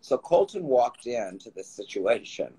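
A writer hosting a casual live stream from his phone tells warm, rambling stories, often restarting his sentences. His mid-range voice swings widely in pitch and runs a little slow. The recording is rough, with slight background noise.

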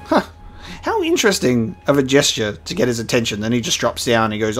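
A man's voice: medium pitch, wildly swooping pitch, a little fast, faint music behind. A man chatting playfully as he commentates a video game he is playing for the first time. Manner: chatty, playful, laughing asides. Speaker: gaming streamer. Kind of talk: let's-play commentary.

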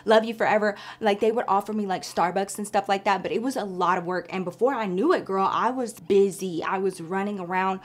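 A woman vlogger telling a story in casual, animated chat, often calling her listeners girl. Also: mid-range voice, a little fast, hardly any pauses.

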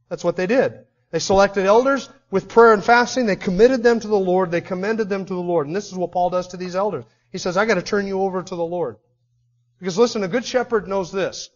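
A man's voice: high-pitched, muffled recording. A man, a pastor, preaching an expository sermon earnestly, swelling into emphatic declarations. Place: church sanctuary.

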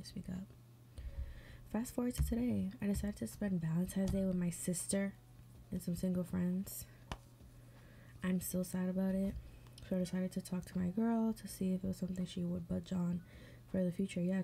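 A woman with a low, gravelly voice and a very dark, mellow tone gives blunt, profane running commentary. She chats casually while doing her makeup, reading stories aloud and dropping into mumbles under her breath. She sounds like the host of an advice show. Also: flat delivery, normal speed, a little hiss or hum.

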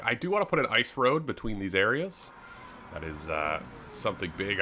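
Chatty man with a lively voice. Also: on the low side, fairly quick, slight background noise. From Canada. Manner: rambling and easygoing, lots of filler words. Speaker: gaming video host. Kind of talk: casual game commentary.

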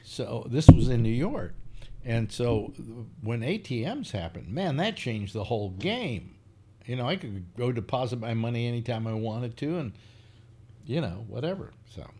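An older man hosting the show chats casually, telling rambling stories in an animated way and packing them with fillers. His voice is medium-pitched and slightly rough, at a normal speed.

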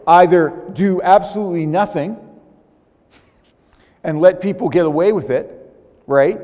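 A man preaching a sermon as pastor, in a conversational, animated way, acting out little everyday reactions as he goes. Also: high voice. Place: church sanctuary. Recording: long church reverb.

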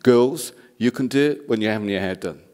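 Male guest preacher, lively storyteller, mid-pitched voice. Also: a little fast. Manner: animated storyteller, voices the people in his stories. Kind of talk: sermon with storytelling.

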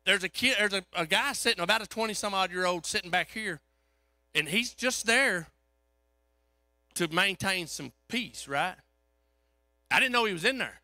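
A man preaches through a story in a folksy, animated way. His voice sits high and rings very bright and forceful. The sound is close and dry. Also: moderate pace, long pauses, no room sound. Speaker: pastor. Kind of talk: storytelling sermon.

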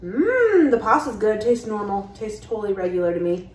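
A woman's voice: mid-range voice, big pitch swings, moderate pace. A woman vlogger chatting casually and giggling as she makes dinner and does a food taste test. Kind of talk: casual chat. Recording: echoey room, mic at a distance.

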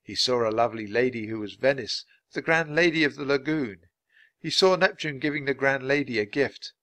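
A man reading a children's adventure book aloud, clear and steady for language learners. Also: mid-range voice, normal speed, dry recording. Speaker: storybook reader.

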